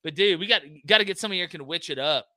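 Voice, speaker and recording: A man as a guest sports analyst on a remote call, talking in an emphatic, folksy casual way and repeating words when excited. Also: high voice, racing, dry recording. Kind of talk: animated casual podcast talk.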